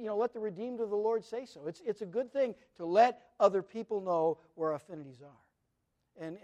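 A middle-aged man with a notably high-pitched voice delivers an earnest, conversational sermon. He speaks as a pastor, weaving personal stories into his teaching.

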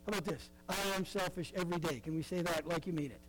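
A man's voice: sits high, fairly quick, fairly bright tone, soft background music, rough recording. A middle-aged man preaching a sermon in a conversational way, with frequent asides and fillers. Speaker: pastor.

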